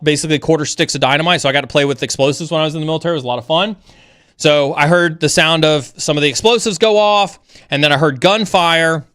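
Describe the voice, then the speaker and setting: A man hosting a livestream, casually telling a story in an animated way with many halting restarts. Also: no echo, studio quality. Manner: animated, rising pitch when excited. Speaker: livestream host.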